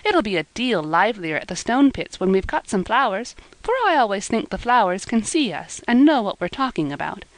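A woman reading the part of a lively young village girl, bashful and roguish, eager and coaxing. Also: medium pitch, brisk, hardly any pauses, no echo, low-quality recording.

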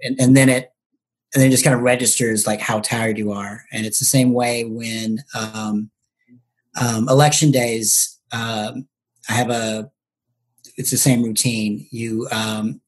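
A man being interviewed on a podcast, a bartender and local candidate telling stories casually, with frequent ums and restarts. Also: mid-range voice. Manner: hesitant, many ums and restarts.

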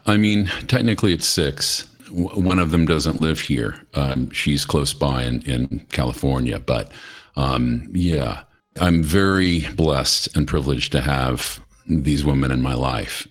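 A man's voice: a bass voice, unhurried. A middle-aged American man from the United States, talking candidly and chattily as a podcast guest, telling stories and acting out quoted dialogue. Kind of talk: casual interview storytelling.

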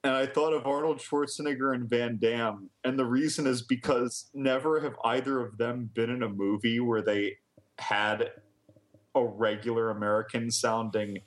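A man's voice: mid-range voice, fairly even intonation, normal speed. A man co-hosting a podcast in casual chat, rambling and hesitant, laughing at his own riffs. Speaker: podcast co-host.

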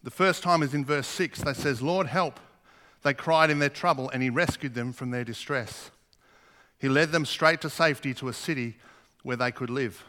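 A man's voice: medium pitch, moderate pace, pushed and bright. A man preaching a sermon, earnest, asking the congregation questions as he reads scripture. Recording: long hall reverb.

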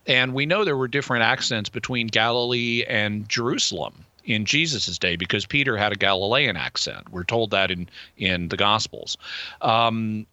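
A man's voice: fairly low pitch, pushed and bright, dry recording. Man explaining patiently on call-in radio. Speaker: guest expert answering callers.

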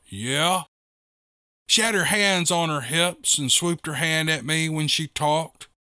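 A man's voice: fairly high pitch, bright, forceful tone, no echo, clean studio sound. A man narrating a first-person monster-hunting story in a wry, matter-of-fact way.

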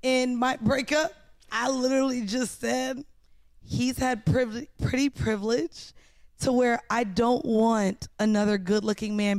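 A woman in her thirties hosts a casual podcast, blunt and playful, full of slang. Her voice has a gravelly fry to it. The sound is close and dry. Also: on the high side, darkish tone, no room sound. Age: 30s. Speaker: podcast host. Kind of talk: casual chat.

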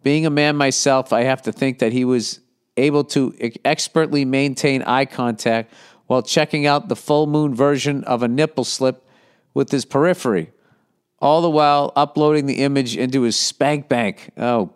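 This podcast host has a medium-pitched, clean voice and speaks at a normal speed. He goes through listener letters and rants back casual, profane, rambling advice, bluntly and with put-on exasperation.

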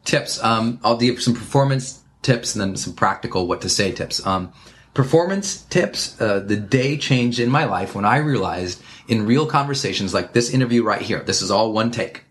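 Emphatic man giving lively advice. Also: on the low side, normal speed. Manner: emphatic, animated, counts off points. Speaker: interview guest. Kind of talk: energetic conversational advice.

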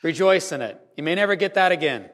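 Man preaching a homily, higher voice, earnest storytelling, long church reverb. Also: lively intonation, fairly bright tone. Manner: earnest storytelling, measured pauses. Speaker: priest. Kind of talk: Christmas homily.

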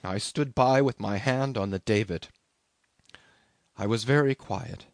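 A man voicing a haunted young sailor, quiet and low. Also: a little slow, dry recording. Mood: hushed, haunted. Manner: quiet, flat, low-voiced telling. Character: shaken young male sailor, hollow and haunted.

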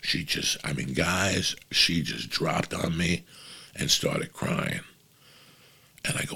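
Comedian type, man: deep husky voice, casual and profane, rambles through a story. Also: lively intonation, takes it slowly, bright, forceful tone.

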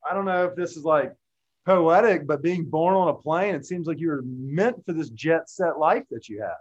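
A man's voice: a little high, animated, normal speed. A man hosting a casual interview, loose and a little profane. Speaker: host. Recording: dull lo-fi sound.

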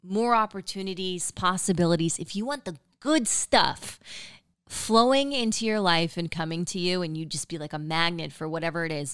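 A woman's voice: on the low side, fairly bright tone, smooth, no room sound, studio quality. A young woman hosting a solo podcast, chatting casually and upbeat with lots of fillers and a valley-girl lilt. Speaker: podcast host.

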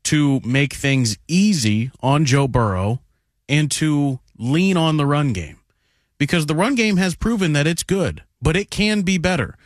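A man co-hosting sports talk radio, laying out his case in a measured, analytical way and citing statistics. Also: fairly high pitch, no room sound, studio quality. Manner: measured, analytical, cites stats.

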